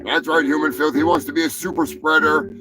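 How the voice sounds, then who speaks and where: A man hosting a live show, chatting casually, joking crudely, swearing and shouting now and then. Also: a little high, fairly even intonation, brisk, low-quality recording. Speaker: host. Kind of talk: casual live-stream chat. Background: music playing.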